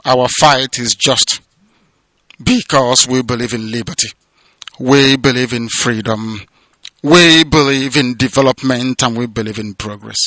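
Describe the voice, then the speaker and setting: A man delivering an impassioned political radio address, declamatory and sermon-like, swinging between loud proclamations and hushed emotional passages. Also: medium pitch, measured pace, no echo. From southeastern Nigeria. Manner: repetitive, sermon-like cadence. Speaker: radio broadcaster and movement leader. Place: abroad, away from home.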